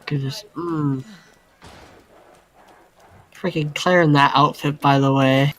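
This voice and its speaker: A man's voice: on the high side, fairly even intonation, slow pace, fairly bright tone. A man chatting on a gaming stream, hesitant and stammering as he speaks. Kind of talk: casual chat.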